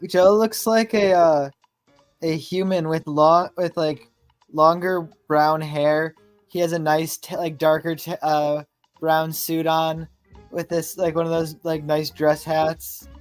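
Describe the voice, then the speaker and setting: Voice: mid-range voice, fairly even intonation, slow, a little mellow, no room sound. A hesitant tabletop player who describes a character in stop-start phrases. Faint music plays behind. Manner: hesitant, full of fillers. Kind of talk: tabletop game play.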